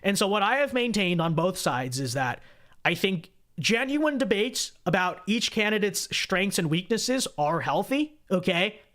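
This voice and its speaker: A man's voice: sits high, very animated, unhurried, a bit bright. A man hosting a political livestream, reading viewer donations in a chatty, repetitive way and tagging lines with "okay?". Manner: chatty, repeats phrases, frequent "okay?" asides.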